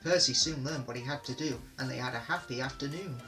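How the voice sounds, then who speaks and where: A man reading a children's storybook aloud as narrator, with a lively, expressive delivery. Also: mid-range voice, fast talker, music in the background, poor audio.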